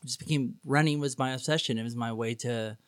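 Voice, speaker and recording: A man's voice: medium pitch, fairly even intonation, fairly quick, no room sound. A man, a podcast guest, telling his own story in a candid, sarcastic, rambling way with many fillers. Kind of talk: casual storytelling.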